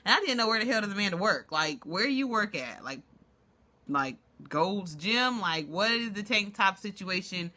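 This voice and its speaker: A woman giving a sarcastic, gossipy recap of a reality show, full of quick asides and exaggerated reactions. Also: lively intonation, bright, forceful tone. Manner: sassy, sarcastic, rapid asides with big pitch jumps. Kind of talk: casual commentary vlog.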